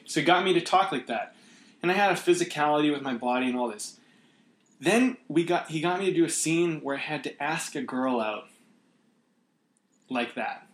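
A man's voice: a little high, animated, moderate pace, pauses often, reverberant. A man hosting a podcast, talking casually and reflectively with many restarts. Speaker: podcast host. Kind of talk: casual conversation.

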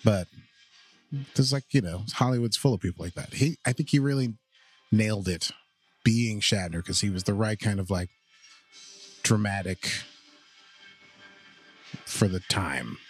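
A man's voice: fairly low pitch, measured pace, long pauses, faint music behind. A man co-hosting a casual watch-along podcast, playful and jokey, tossing in quoted lines and goofy voices. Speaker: podcast co-host.

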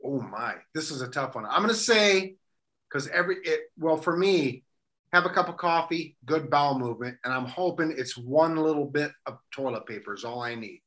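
A man's voice: fairly high pitch, animated, moderate pace, a bit bright. A man co-hosting a radio show, chatting casually with rambling, self-deprecating humor. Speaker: radio co-host. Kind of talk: casual banter.

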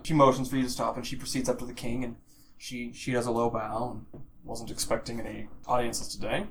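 A man's voice: mid-range voice, little pitch movement, fairly quick, vocal fry, background noise. Man narrating a tabletop game. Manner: descriptive, with frequent restarts and fillers. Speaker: game master.

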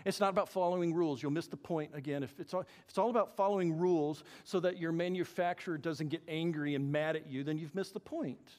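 A man preaching a sermon as pastor, animated and acting out the voices he quotes. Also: a little high, quick pace, hardly any pauses. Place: church hall. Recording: long hall reverb.

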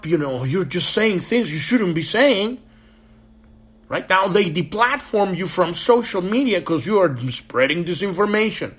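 A man hosts a spiritual podcast and speaks a little higher than most men. He talks in a long, rambling, impassioned monologue, swearing freely as he presses his points on the listener. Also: a bit bright. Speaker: podcast host.

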